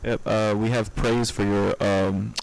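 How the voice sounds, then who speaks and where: A man's voice: fairly low pitch, little pitch movement, measured pace, gravelly, slight background noise, rough recording. A man moderating a livestream, hesitantly relaying viewer comments.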